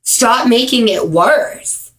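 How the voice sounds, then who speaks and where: A woman talking straight to camera in an earnest personal video, with many ums and pauses for emphasis. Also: on the high side, fairly bright tone. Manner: earnest, frequent ums, speeds up and slows down for emphasis. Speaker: vlogger. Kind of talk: earnest direct-to-camera awareness talk.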